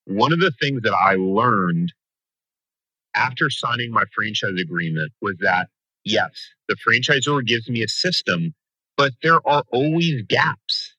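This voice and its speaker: Man, podcast guest, franchise coach; bright, forceful, emphatic, lowish voice, dry close sound. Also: a little slow, no echo, dull audio. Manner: energetic, emphatic motivational delivery. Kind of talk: podcast interview.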